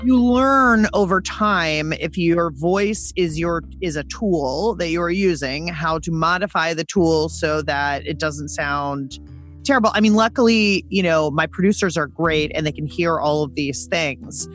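A woman podcast host talking casually with lots of fillers and restarts, her intonation lively and all over the place. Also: low-pitched, a little slow, soft background music. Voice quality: very lively intonation, wide dynamic range. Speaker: podcast host and voice coach, guest. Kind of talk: casual conversation.

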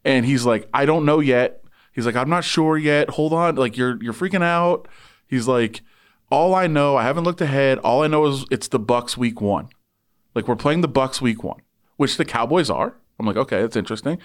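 A man's voice: medium pitch, normal speed. A man who works as a sports reporter, telling a long story in casual chat and acting out the people in it. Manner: animated, voices people in anecdotes.

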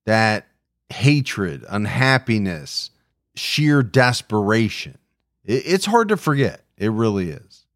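A man co-hosting a true crime podcast, talking in a measured, somber way with small restarts. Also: on the low side, very animated, fairly bright tone, dry recording, clean studio sound. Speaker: podcast co-host.

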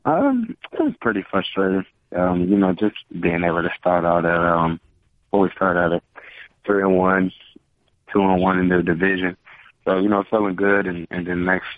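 A man's voice: low-pitched, moderate pace, dry recording, phone-quality sound. A man answering interview questions hesitantly, with many fillers. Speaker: guest athlete.

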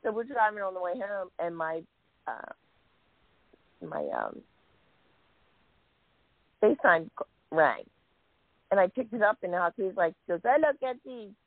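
A woman's voice: lowish voice, sing-song, measured pace, pauses often, dry recording. A woman in casual chat, telling anecdotes and acting out the quoted people. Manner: storyteller, acts out quotes. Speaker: guest telling stories. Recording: dry, phone-like sound.

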